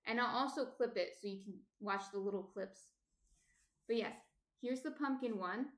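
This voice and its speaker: A woman's voice: on the high side, normal speed, roomy sound. A woman from New Jersey chatting casually on a live stream, explaining each step of shaping bread and greeting viewers by name. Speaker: baker streaming a sourdough tutorial.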